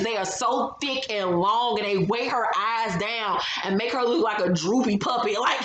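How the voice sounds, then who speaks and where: A woman's voice: a little high, a bit bright, roomy sound, slight background noise, poor audio. Sassy, foul-mouthed woman recapping TV. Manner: blunt, sassy, heavy cursing, mimics cast members. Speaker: reality TV recap host. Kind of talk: casual profane recap.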